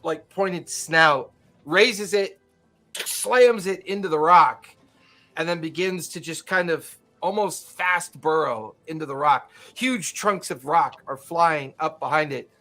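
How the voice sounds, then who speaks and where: A man's voice: on the high side, slow pace, pushed and bright, soft background music. A man narrating a tabletop game as game master, describing scenes loosely with many fillers.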